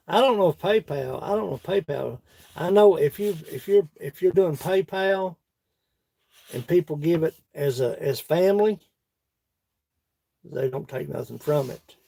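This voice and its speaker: Gravelly Kentucky man, folksy drawl. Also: a little high, a little slow, pauses often, mellow, no echo. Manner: folksy, laughing, drawling country talk. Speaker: woodworking livestream host. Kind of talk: casual chat reading live comments.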